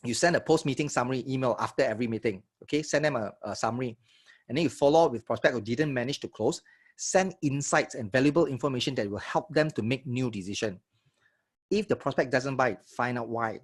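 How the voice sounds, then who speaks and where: Man, sales trainer, live online workshop, husky, energetic, medium pitch. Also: fairly quick. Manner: energetic, checks in with audience often.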